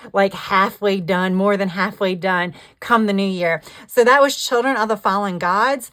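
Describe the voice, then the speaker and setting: A woman's voice: a little high, fairly bright tone. A woman chatting casually about her reading, laughing often and trailing off mid-thought. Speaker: book vlogger. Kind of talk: casual chat.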